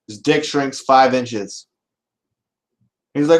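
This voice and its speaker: A man's voice: a little high, expressive, moderate pace, low-quality recording. A man hosting a show, telling a crude joke in a loose, rambling way with lots of profanity. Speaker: show host. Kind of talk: comic storytelling.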